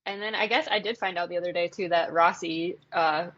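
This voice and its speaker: A woman's voice: on the low side, fairly even intonation, fairly quick, a bit bright. A woman co-hosting a podcast, chatting casually, giggly and enthusiastic. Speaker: podcast co-host. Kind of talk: casual chat. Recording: dull lo-fi sound.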